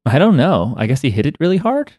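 An American man hosting a casual podcast, recapping a show with dry jokes and quick asides. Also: a little high, sing-song, a little mellow, no room sound. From United States. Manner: wry, joking, quick asides. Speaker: podcast host.

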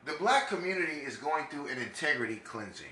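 A brash man with a New York accent rambles through a casual podcast monologue in a bright, forceful voice. He talks loosely and crudely, and an echoey room with faint ambience sits behind him. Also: fairly high pitch, sing-song, a little fast, a little hiss or hum. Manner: brash, rambling and profane, with frequent laughs. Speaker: podcast host.

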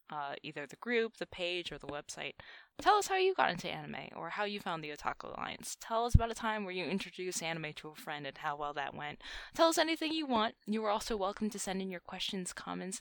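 A young woman co-hosting a podcast in casual chat, chatty and quick to laugh. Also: on the low side, vocal fry, dry recording. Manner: chatty, laughs often, animated. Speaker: podcast co-host.

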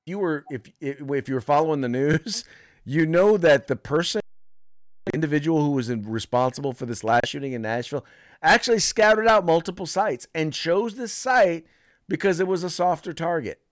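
A man's voice: fairly high pitch, lively intonation, moderate pace, dry recording. Man, podcast co-host, casual political chat, frequent laughter, dry sound. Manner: laughs often, repeats himself.

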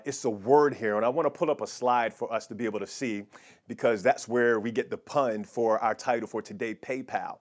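A male pastor teaching a sermon, speaking haltingly with many fillers and repeated words, and having the audience repeat declarations aloud. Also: medium pitch.

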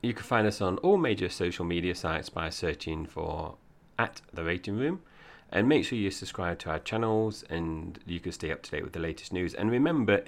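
A man's voice: low-pitched, gravelly. A man in his forties from Essex, with a slight Cockney accent, co-hosting a film podcast in rambling casual chat. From Essex, England. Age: 40s. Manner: chatty, rambling, laughs often. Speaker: podcast co-host.

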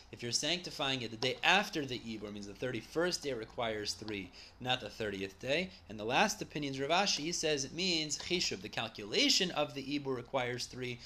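A man teaching a Talmud lesson at a medium pitch, laying out the argument one step at a time. He reads each Aramaic phrase and then translates it into plain English. His delivery is conversational, with small self-corrections along the way. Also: sharp tone. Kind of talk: Talmud study lecture.

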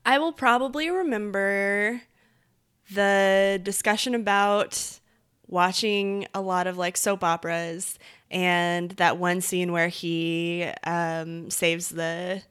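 A woman on a casual book podcast, talking in a relaxed, easygoing way. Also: lowish voice, takes it slowly, clean tone. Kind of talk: casual chat.

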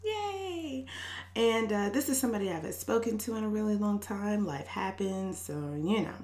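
A young adult woman hosts a podcast, venting in a casual, sassy monologue with frequent laughter and free cussing. Her mid-range voice is brisk and a little mellow, with a roomy sound.

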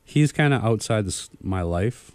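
A man co-hosting a casual radio show, telling stories in an animated, joking way. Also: fairly low pitch, unhurried, clean tone, no room sound. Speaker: radio co-host.

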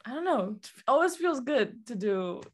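A woman's voice: fairly high pitch, sing-song, normal speed. A woman co-hosting a casual podcast, agreeable and chatty. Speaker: podcast co-host. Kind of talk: casual group chat.

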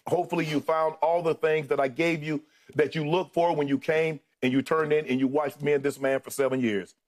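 A middle-aged man gives a heartfelt farewell on the air, naming colleagues one by one and holding back tears. His voice sits a little high for a man, and it stays emotional throughout. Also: steady tone, a little fast. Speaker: co-host saying farewell.

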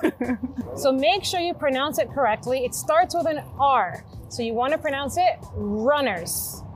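A Canadian woman, an English teacher, presenting an online lesson in a cheerful, clear way. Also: sits high, moderate pace, faint music behind.

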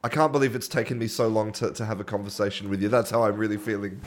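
A man hosting an interview, enthusiastic but halting, with many restarts. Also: fairly low pitch, fairly even intonation, slight background noise. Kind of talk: conversational interview.

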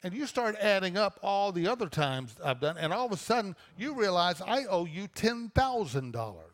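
Male pastor, conversational sermon delivery, somewhat high pitch, long church-hall reverb. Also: big pitch swings, moderate pace, fairly bright tone. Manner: conversational preaching with repeated restarts. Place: church auditorium.

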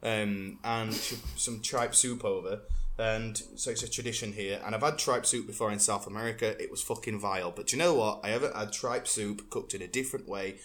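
Man, bright tense voice, casual podcast banter, animated, swearing. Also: lowish voice, a little fast. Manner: animated, swearing, breaks into sung tunes. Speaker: podcast co-host.

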